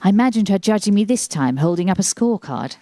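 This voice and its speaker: This stand-up comedian, a woman in her forties, has a medium-pitched, mellow voice with lively intonation and a quick pace, and there's no room sound. She performs a self-deprecating set into a handheld microphone, slipping into little acted asides, in a library set up as a TV studio.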